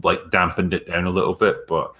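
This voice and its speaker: Low-voiced guy hosting, chill, fillers everywhere. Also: level tone, brisk, sharp tone. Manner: casual, lots of fillers. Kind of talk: casual film discussion.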